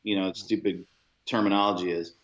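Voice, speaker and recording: A man's voice: low-pitched, fairly even intonation, a little fast. A man co-hosting a podcast in casual chat, rambling along with many fillers and restarts. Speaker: podcast co-host. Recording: roomy, dull lo-fi sound.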